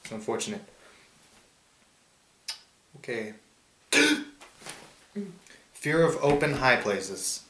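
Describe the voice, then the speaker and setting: A man's voice: mid-range voice, expressive, slow, long pauses, fairly bright tone. A man hosting a casual comedic chat, joking and reading out a list in a mock-formal drawl. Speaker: host. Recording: echoey room.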